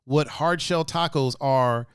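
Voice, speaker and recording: A man's voice: medium pitch, takes it slowly, smooth, dry recording, studio quality. A young man hosting a podcast in casual chat, telling stories with lots of laughs and swearing, acting out what others said. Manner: animated storyteller, swears, laughs often, acts out quotes. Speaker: podcast host.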